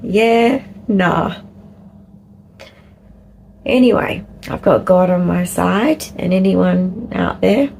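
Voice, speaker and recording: A middle-aged Australian woman vlogging candidly, rambling and laughing often, sometimes dropping into a soft whisper. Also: on the low side, measured pace, gravelly, few pauses, slight background noise, poor audio. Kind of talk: candid personal vlog talk.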